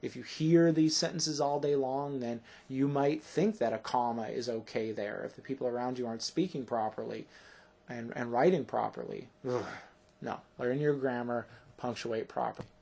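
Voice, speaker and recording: A man's voice: mid-range voice, fairly even intonation, normal speed, creaky, a little mellow. A man teaching a grammar lesson, explaining patiently and checking in with "right?" after each point.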